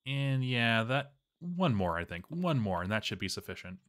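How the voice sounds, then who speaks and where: A man's voice: medium pitch, sing-song, moderate pace, fairly bright tone. A man giving casual, rambling and playful commentary while he plays a game, chatting to his viewers.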